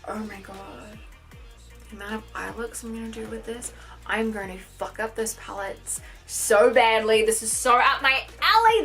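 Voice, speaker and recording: A young woman vlogging a makeup unboxing, gushing and gasping with endless excitement. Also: on the high side. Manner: gushing, gasping, lots of "oh my god" and "honey". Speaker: beauty vlogger.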